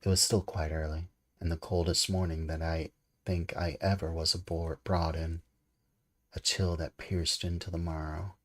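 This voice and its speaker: A man reading a classic adventure novel aloud as an amateur, in a steady way with occasional slips and restarts. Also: low voice, normal speed. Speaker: audiobook reader. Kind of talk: amateur storybook read-aloud.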